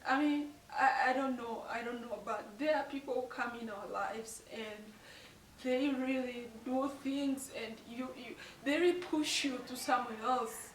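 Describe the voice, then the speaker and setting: A woman's voice: a little high, echoey room, far from the mic, a little hiss or hum, low-quality recording. A young woman from Tanzania telling a personal story on her vlog, emotional and apologetic, laughing through tears. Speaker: vlogger.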